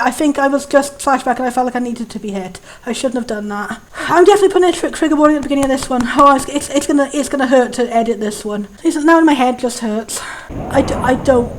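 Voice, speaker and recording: High, fast-talking young woman. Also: a little hiss or hum. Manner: halting, stammering, with frequent restarts. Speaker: game reviewer. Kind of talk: let's-play game commentary.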